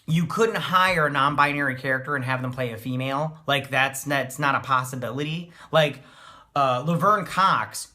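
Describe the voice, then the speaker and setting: A man with a bright, forceful voice at an ordinary pitch, hosting a casual TV review. He recaps the plot bluntly and dismissively, with many "uh"s and restarts along the way. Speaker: TV episode reviewer, channel host.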